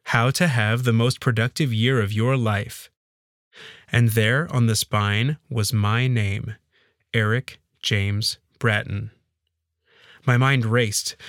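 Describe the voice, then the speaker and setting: A man narrating a first-person audiobook story in a steady storytelling read. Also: medium pitch, no room sound, studio quality.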